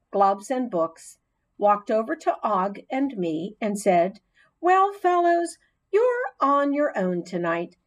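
Slow, lively woman reading a storybook. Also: medium pitch. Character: cheerful talkative hamster classroom pet. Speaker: audiobook narrator. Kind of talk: storybook narration.

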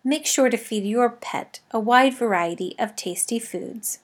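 Lively woman reading a children's story. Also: fairly high pitch, unhurried. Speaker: audiobook narrator. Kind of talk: first-person storybook narration.

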